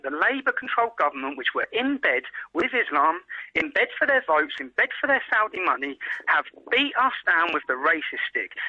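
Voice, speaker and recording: A man argues at a rapid clip, hammering his points through repetition. His voice is high and sharp with a husky grain, and it swings widely in pitch. It comes through a dull, muffled line. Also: no room sound. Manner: forceful, rapid, repeats lines for emphasis. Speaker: interview guest. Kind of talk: impassioned radio debate.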